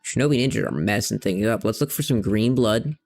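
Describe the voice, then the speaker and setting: A man's voice: on the low side, a little fast, creaky, darkish tone, soft background music. A man streaming a game, chatting playfully through casual let's-play commentary and stopping to talk to his pet cat.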